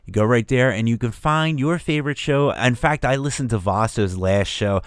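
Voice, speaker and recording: A man co-hosting an internet radio show in casual, rambling chat, reading out shout-outs and chuckling often. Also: medium pitch, normal speed, smooth, no room sound, clean studio sound. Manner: laid-back, rambling, chuckles a lot.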